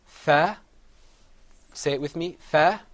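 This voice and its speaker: Guy teaching a class to say arabic letters, calm and patient, says each sound over and over, mid-pitched voice. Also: normal speed. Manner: patient, repeats each sound for a group to echo back; explains mouth positions step by step. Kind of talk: classroom pronunciation drill.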